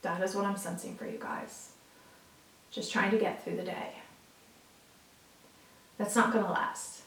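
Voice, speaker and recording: A woman's voice: mid-range voice, fairly even intonation, a little slow, far from the mic, a little hiss or hum. A woman giving a casual, heartfelt tarot reading straight to her viewers, earnest and at times emotional, swearing now and then. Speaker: tarot reader. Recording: roomy and off-mic.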